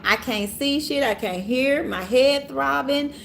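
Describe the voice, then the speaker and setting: A woman reader hosting a casual livestream, animated and laughing often, talking straight to her viewers in a room in the city. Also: high voice, a little slow, creaky, faint music behind. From Orange Mound, Memphis area, USA. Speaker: tarot reader and livestream host. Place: city hotel room, sirens outside.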